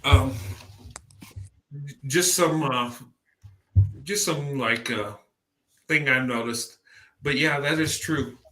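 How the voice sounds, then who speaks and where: Medium in pitch, pushed and bright, a man from the American South hosts a casual podcast chat slowly, pausing often. He rambles and repeats words when launching into a thought, and the room sounds echoey.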